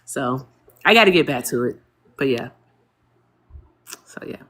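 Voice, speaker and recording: A woman guest on a livestream, chatting frankly and jokingly, quick to wrap up. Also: rumbling low. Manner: animated, frank and joking, talks fast when wrapping up. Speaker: guest co-streamer. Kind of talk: casual livestream chat.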